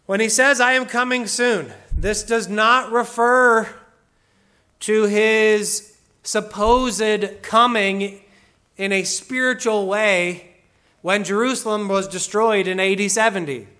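A man's voice: high-pitched, steady tone, slow pace, bright, forceful tone. A man preaching a sermon, explaining verses with emphasis and casual asides. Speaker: pastor.

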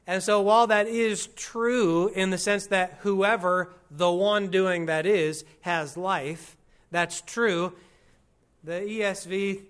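A man with a noticeably high speaking voice delivers an expository sermon at an unhurried pace. He teaches conversationally, drops wry asides, and draws out the phrases he wants to stress. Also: steady tone, a bit bright, clean tone. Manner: slows and stresses key phrases. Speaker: pastor.

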